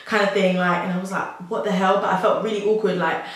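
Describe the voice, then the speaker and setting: A woman's voice: on the low side, steady tone, fast talker, a bit bright. Rambling young woman, very echoey. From South London. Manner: chatty and rambling, heavy use of "like", with nervous laughs. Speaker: vlogger. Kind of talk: personal storytelling to camera. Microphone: camera mic. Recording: very echoey room.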